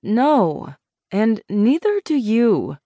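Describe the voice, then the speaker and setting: A woman's voice: fairly high pitch, sing-song, very slow, mellow, dry recording, clean studio sound, voice pushed up, full character voice. A woman voicing a guarded young woman who speaks in a clipped, urgent way. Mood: firm, concerned.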